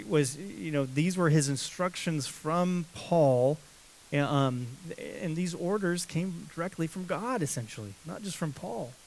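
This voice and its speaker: A man preaching an expository sermon as pastor, emphatic and repetitive, with many restarts and fillers. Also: fairly high pitch.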